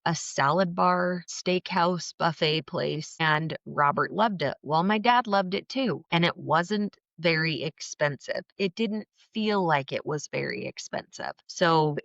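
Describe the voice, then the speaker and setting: A woman guest on a podcast, telling a personal story in an animated, emotional way and acting out the quotes. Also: low voice, unhurried, creaky, hardly any pauses, no room sound, muffled recording.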